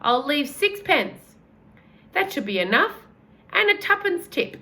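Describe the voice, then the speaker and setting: A woman voicing a kindly, gentlemanly old male tramp who talks in a polite, old-fashioned, fatherly way. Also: high-pitched, sing-song, measured pace, voice pushed up, heavily acted. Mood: genteel.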